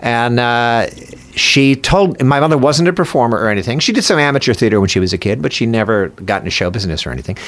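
A man speaking as a guest in a casual conversation, with a precise, measured way of talking and thoughtful, rambling sidebars. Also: medium pitch, lively intonation, a bit bright. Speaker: guest, voice actor.

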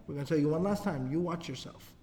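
A man voicing gruff men from a crowd who quietly warn someone, in a low, menacing tone. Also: fast, lightly acted. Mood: threatening. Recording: long hall reverb.

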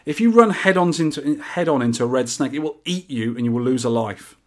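A man's voice: mid-range voice, lively intonation, brisk. A man chats on his podcast, his voice sitting in the middle of the range. He explains game rules in an easygoing, lightly joking way, as if talking to a friend across the table. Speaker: podcast host. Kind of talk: casual podcast chat.

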